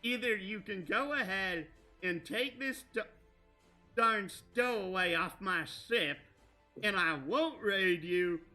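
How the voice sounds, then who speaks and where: A threatening pirate captain, played by a man at the game table, blusters out his demands in a high, piercing voice. He takes his time, letting each threat hang. It is a tabletop role-play, with faint music underneath. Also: takes it slowly, sharp tone, exaggerated voice.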